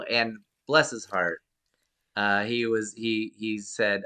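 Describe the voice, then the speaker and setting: A man's voice: fairly low pitch, fairly even intonation, a little slow, pushed and bright. A man being interviewed as a guest actor, telling an anecdote in a rambling way with many fillers and restarts. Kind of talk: casual interview storytelling.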